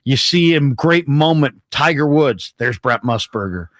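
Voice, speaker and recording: A man from San Francisco hosting sports radio, animated as he tells his stories. His voice is mid-pitched and sits close to the mic, with no room echo. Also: unhurried. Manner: enthusiastic storyteller, repeats names for emphasis. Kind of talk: casual sports radio talk.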